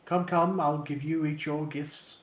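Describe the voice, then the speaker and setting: A man's voice: a little high, fairly even intonation, measured pace, slight background noise, close to an everyday voice. A man voicing a wizened, blindfolded old man at a spinning wheel, speaking hesitantly and beckoning. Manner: hesitant, beckoning with filler sounds. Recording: roomy echo.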